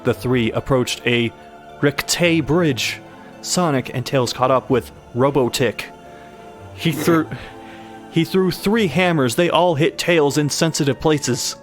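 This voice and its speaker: A man's voice: medium pitch, slow pace, faint music behind. A young man hosting a comedic live reading of a bad horror story, stumbling over misspellings and cracking up.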